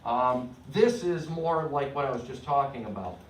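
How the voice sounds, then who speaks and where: A man with a medium-pitched, animated voice teaches a Spanish class at normal speed, explaining grammar step by step and often checking that students follow. The classroom lecture is recorded in an echoey room from a distant mic, with a little hiss or hum.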